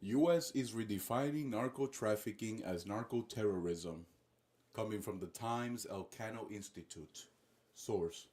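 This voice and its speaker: A man's voice: on the low side, a little slow, darkish tone, slight background noise. A man ranting casually on a livestream as political commentator, profane and rambling, constantly saying guys and bro.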